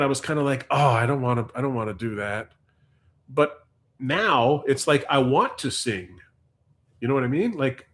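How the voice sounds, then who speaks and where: Rambling man chatting on a livestream. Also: on the high side. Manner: rambling, storytelling. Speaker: livestream host. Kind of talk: casual live stream chat.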